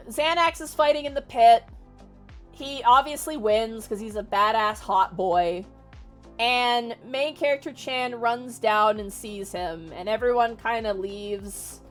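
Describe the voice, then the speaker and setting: High-voiced exasperated woman streamer. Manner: exasperated, animated, swears freely. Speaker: VTuber streamer. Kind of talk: casual livestream book retelling. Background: faint music.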